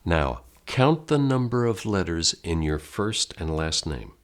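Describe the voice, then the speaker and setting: Low-voiced, lively American acting teacher. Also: male voice, unhurried. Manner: direct, theatrical, addresses viewer as a class. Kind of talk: online acting lesson.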